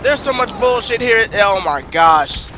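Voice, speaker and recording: A male gaming streamer commenting on his gameplay, ranting in frustration and swinging from low muttering to loud shouting. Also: expressive, measured pace, noisy background. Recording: game music loud behind voice.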